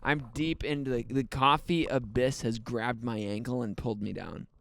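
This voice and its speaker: A man co-hosting a casual podcast chat, joking and tossing in quick agreeing asides. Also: mid-range voice, fairly even intonation, creaky, a bit bright, slight background noise. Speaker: podcast co-host.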